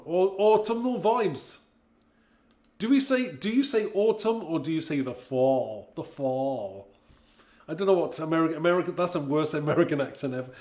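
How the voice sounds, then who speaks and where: Slightly high with a darkish tone and noticeable reverb, this voice belongs to a fifty-something British host of a craft livestream. He keeps things casual and chatty, reads out viewer comments, and laughs often.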